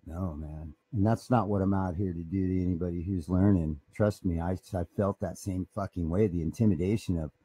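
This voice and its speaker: A man's voice: deep voice, steady tone, fairly quick, hardly any pauses, mellow, breathy edge, dry recording. A man who runs a guitar shop, talking in a rambling, profane and boastful way. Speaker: guitar shop owner and bassist. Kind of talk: casual comedic monologue.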